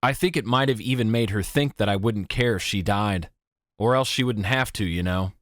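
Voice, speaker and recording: A man's voice: fairly low pitch, normal speed, fairly bright tone, dry recording, studio quality, natural voice. A man voicing an anxious teen boy. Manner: hesitant, confiding.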